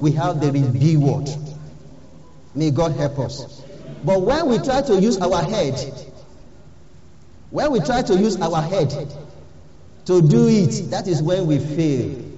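A man preaching a sermon as pastor, earnestly urging his listeners and repeating key phrases. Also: fairly high pitch. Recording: echoey hall, dull lo-fi sound.

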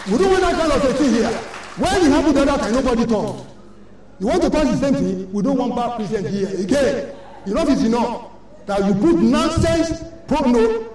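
A woman's voice: a little high, dark tone. An older woman with a Nigerian accent, a church elder preaching a sermon in an emphatic, repetitive, scolding way. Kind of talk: sermon exhortation. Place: large church hall. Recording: echoey church hall from far off.

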